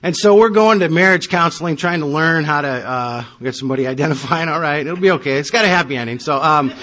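A man's voice: a little high, fast, bright, forceful tone. A man in his thirties telling his recovery story at a meeting, wry and self-mocking. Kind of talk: personal testimony with self-deprecating humor.

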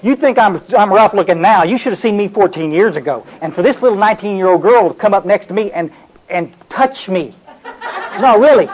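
A man from North Texas, giving an earnest, confessional talk at a recovery meeting. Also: high-pitched. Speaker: speaker sharing his recovery story. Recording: dull, lo-fi recording.

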